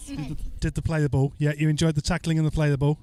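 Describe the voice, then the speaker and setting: A man's voice: a little high, little pitch movement, racing, mellow. A man standing in as podcast host, answering listener questions in a loose, joking way with lots of "uh" fillers. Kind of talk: casual podcast chat and listener Q&A.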